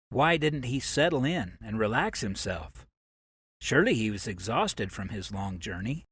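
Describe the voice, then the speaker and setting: A man narrating an audiobook romance in a steady, even storytelling manner. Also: mid-range voice, slightly rough, dry recording.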